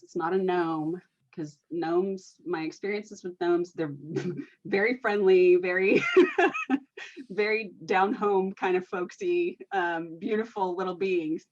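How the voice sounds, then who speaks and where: A woman's voice: on the low side, steady tone, slow. Rambling woman with a muffled, lo-fi sound. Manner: rambling, lots of "you know" and "like". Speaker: energy worker and guest. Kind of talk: casual storytelling conversation.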